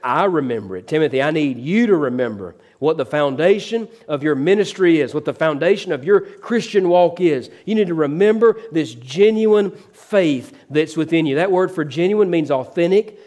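A preaching pastor with a voice sitting somewhat high for a man. He speaks in a sermon cadence, tossing "amen?" to the congregation and leaning into the quoted lines with shifts in pace and loudness. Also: expressive, moderate pace, hardly any pauses.

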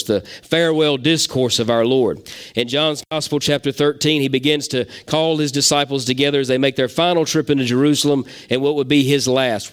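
A man's voice: mid-range voice, clear, resonant tone. A middle-aged man, preaching a sermon in a folksy, storytelling way. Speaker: pastor.

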